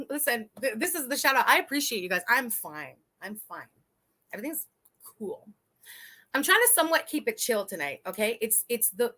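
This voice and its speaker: A woman hosting a casual live stream with a bright, forceful voice pitched a little high. She chats loosely, laughs often and swears freely, talking straight to her viewers.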